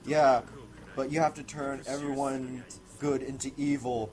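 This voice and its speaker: A man's voice: medium pitch, level tone, unhurried, darkish tone, faint music behind, close to an everyday voice. A man voicing a scheming male demon offering a sly bargain, over a noisy recording.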